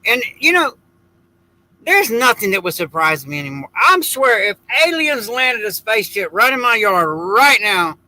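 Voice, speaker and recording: Very high, bright-voiced slow-talking American man. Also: very animated, poor audio. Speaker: livestream co-host. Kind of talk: casual chat.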